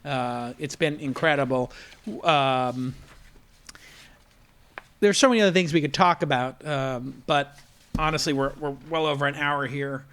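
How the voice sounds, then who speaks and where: A man's voice: mid-range voice, a little slow, long pauses, clear, resonant tone. A man hosting a tech news roundtable, chatting casually, joking and humming a quiz-show tune while his guests think. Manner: lively, hums a quiz-show tune, jokes. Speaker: podcast host.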